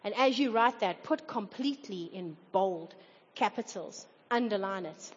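A woman's voice: medium pitch, animated, a little slow, slightly rough. A woman preaching a sermon to a congregation in an earnest tone, sometimes acting out quoted voices. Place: church hall. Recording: dull reverberant hall recording.

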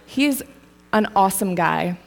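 A woman's voice: medium pitch, expressive, a little slow, gravelly. A woman preaching a sermon in a casual, storytelling way, laughing lightly now and then.

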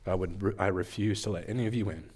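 A young man giving an earnest, emotional testimony at church, halting and restarting as he speaks. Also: deep voice, steady tone, a little mellow, husky.

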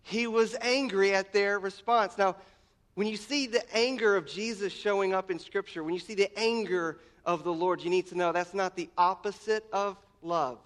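A man with a high, light voice delivers a sermon. He leans on repetition and lifts his voice to stress key phrases, often restarting his words mid-thought. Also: fairly even intonation, moderate pace, fairly bright tone. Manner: emphatic, repeats words, voice rises on key lines. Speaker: pastor.

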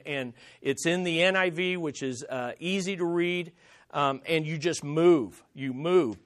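In a conversational, emphatic sermon, a middle-aged pastor keeps repeating his phrases. His voice is fairly high and a bit bright.

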